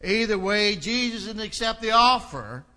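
Man preaching a sermon, bright and forceful tone, earnest and building. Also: high voice, lively intonation, normal speed, clear, resonant tone. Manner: reads scripture aloud, then explains it in an earnest, building delivery. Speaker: pastor.

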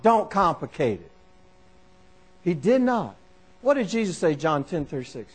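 Animated high-voiced male preacher. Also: moderate pace, pauses often, breathy edge. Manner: animated, repetitive, calls out listeners by name. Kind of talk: sermon.

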